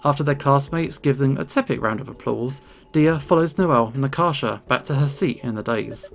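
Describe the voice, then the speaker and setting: A man reading the narration of a visual novel aloud in a plain, steady way, with faint game music behind. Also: mid-range voice, normal speed, gravelly. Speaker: gaming channel host.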